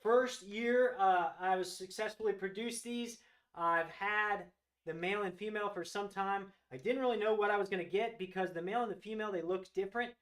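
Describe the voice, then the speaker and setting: High-voiced, excited man hosting a live sale. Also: fairly quick. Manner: enthusiastic, gushing over animals. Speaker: host of a live reptile sales show. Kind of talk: live-stream product showcase.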